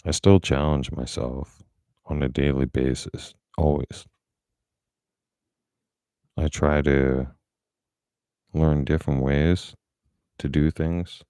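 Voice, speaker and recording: A man's voice: very deep voice, steady tone, slow pace, long pauses, warm tone, clean tone, no room sound, clean studio sound. A middle-aged man talking bluntly and profanely in a casual monologue. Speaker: vlogger.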